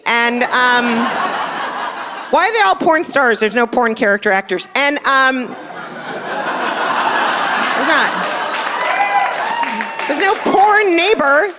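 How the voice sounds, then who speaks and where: A woman's voice: high voice, very animated, takes it slowly, pauses often. Self-mocking middle-aged woman comic. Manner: chatty, self-mocking, acts out dialogue. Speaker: stand-up comedian. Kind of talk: stand-up set. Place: comedy club stage. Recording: live club, crowd laughter and noise.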